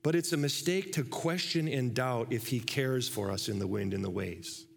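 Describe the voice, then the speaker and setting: A man's voice: mid-range voice, moderate pace, vocal fry. A man preaching a sermon in a church, conversational and full of rhetorical questions. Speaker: pastor.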